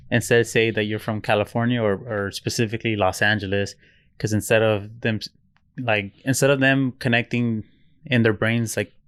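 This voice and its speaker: A young man co-hosting a podcast, telling stories in a relaxed, loose, casually profane way. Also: medium pitch, smooth, dry recording, studio quality. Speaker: podcast co-host. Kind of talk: casual chat.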